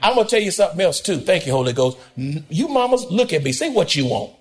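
Animated male pastor preaching, swooping pitch. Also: fast. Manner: animated preaching, swooping between high and low, occasional shouts; folksy, conversational, direct address to congregation. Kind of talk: sermon.

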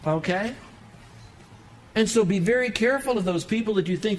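Man, pastor, sermon, emphatic swells, fairly high voice, faint background noise. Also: normal speed, poor audio. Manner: emphatic preaching with sudden rises in pitch and volume. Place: church sanctuary.

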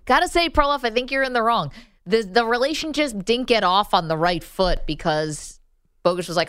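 A woman's voice: a little high, animated, normal speed, fairly bright tone, smooth, no echo, studio quality. A woman from Western New York hosting casual sports radio chat, laughing often and keeping segments moving. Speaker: radio host. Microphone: studio microphone.

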